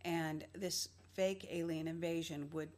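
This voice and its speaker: A woman giving a rambling monologue in a halting, slow way, full of fillers, played as a clip. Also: low voice, little pitch movement, darkish tone. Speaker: video presenter.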